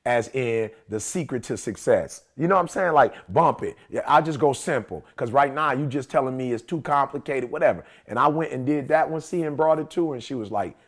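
A man's voice: medium pitch, brisk, few pauses. A man hosting a casual talk show, telling stories animatedly and laughing often. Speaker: podcast host. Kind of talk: casual chat.

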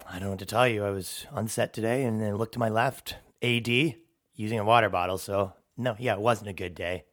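A man voicing a mopey, self-important male movie star in a low, weary mumble. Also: fairly even intonation, fairly quick, a bit bright, natural voice.

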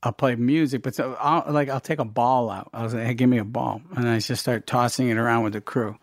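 Animated storytelling man, dry close sound. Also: medium pitch, brisk, dry recording. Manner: animated anecdotes with quoted dialogue and laughs. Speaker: filmmaker guest. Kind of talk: casual interview storytelling.

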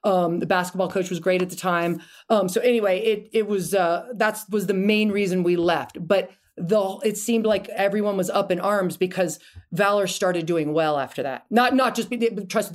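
A middle-aged woman, a podcast guest, telling stories in a chatty, animated way with many restarts and asides. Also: lowish voice, moderate pace. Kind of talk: casual interview storytelling.

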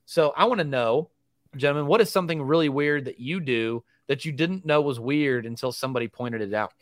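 A man co-hosting a casual sports podcast, telling animated stories and acting out quotes. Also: medium pitch, brisk, dry recording, studio quality. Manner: animated storyteller, acts out quotes. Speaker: podcast co-host.

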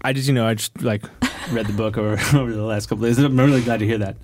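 Low-voiced male podcast host. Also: fast, a little hiss or hum. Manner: relaxed, casual, curious questions. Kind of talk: casual interview conversation.

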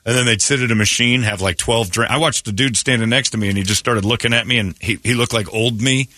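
A man's voice: medium pitch, fast, sharp tone, no room sound, studio quality. A man hosting a morning radio show, rambling through a story and acting out other people's lines. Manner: rambling storyteller, acts out voices. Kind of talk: casual morning show banter.

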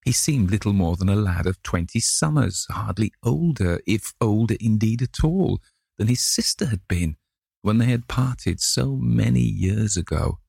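A man narrating a classic novel in a measured, dramatic reading. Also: on the low side, expressive, creaky, darkish tone, husky, dry recording, studio quality. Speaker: audiobook narrator.

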